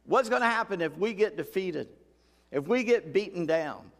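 A man's voice: high-pitched, lively intonation, moderate pace, in a large hall. A male pastor preaching a sermon in a folksy, conversational way, repeating key phrases for emphasis.

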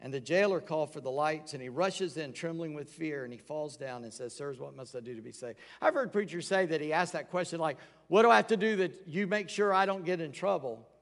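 Gravelly preacher in an echoing hall. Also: male voice, fairly high pitch, expressive, brisk, hardly any pauses. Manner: conversational preaching, acting out quoted voices. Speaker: pastor. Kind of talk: sermon. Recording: long reverb of a large hall.

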